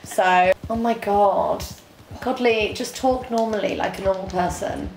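A woman's voice: medium pitch, measured pace, roomy sound, heavy background noise. A woman joking, teasing and laughing during playful gameplay commentary. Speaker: gamer.

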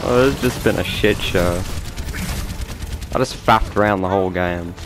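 An Australian man giving live commentary over his own game, swearing and mocking himself with sudden excited outbursts. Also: low-pitched, moderate pace. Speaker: gameplay commentator. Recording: game music loud behind voice.

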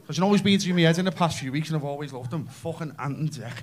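A man in his thirties with a Scouse accent doing brash, sweary stand-up comedy on a club stage, telling stories fast. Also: on the high side. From Liverpool, England.

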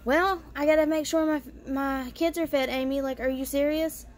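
A woman's voice: sits high, steady tone, normal speed, voice pushed up, close to an everyday voice. A woman voicing her older mother, an unbothered petty thief who offers matter-of-fact, defensive excuses.

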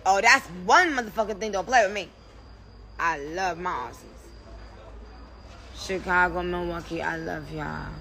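A woman's voice: fairly low pitch, measured pace, vocal fry, pauses often, bright, forceful tone. A woman hosting her own live stream from her phone, talking loosely and playfully, swearing and trailing off mid-sentence. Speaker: livestream host. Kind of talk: casual livestream chat.

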